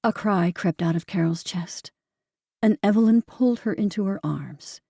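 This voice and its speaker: A woman narrating a romance audiobook in a measured, even storytelling manner. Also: medium pitch, creaky, husky, no echo, studio quality. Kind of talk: scripted narration.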